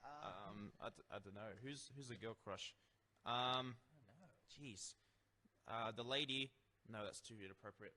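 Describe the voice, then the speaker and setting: A man's voice: on the low side, measured pace, sharp tone. An Australian man answering interview questions in a playful, rambling way, with frequent ums and jokes. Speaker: band member interviewed. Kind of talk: casual joking interview.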